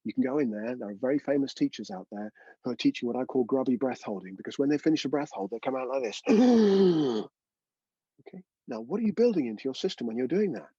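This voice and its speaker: A man's voice: medium pitch, expressive, rapid-fire, dark tone, husky, dry recording, lo-fi sound. A man teaching a live online breathwork class, chatty and coaching, often checking in with his students.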